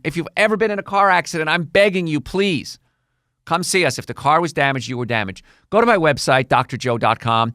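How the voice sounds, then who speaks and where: A middle-aged man hosting a health podcast as a chiropractor, talking energetically and pitching his practice. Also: no room sound, clean studio sound. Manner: energetic, salesy, acts out patients' voices. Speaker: chiropractor and health show host. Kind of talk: solo health podcast monologue.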